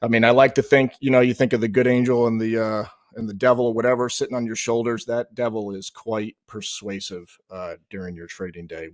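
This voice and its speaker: A man's voice: lowish voice, dry recording, studio quality. A man co-hosting a live trading show, easygoing and joking. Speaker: co-host. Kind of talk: live-stream market chat.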